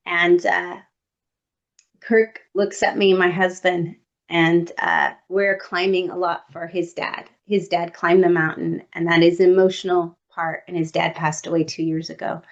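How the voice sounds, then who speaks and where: A woman guest on a podcast, telling a personal story in an animated way and acting out what others said. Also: lowish voice, a little slow, highs cut off.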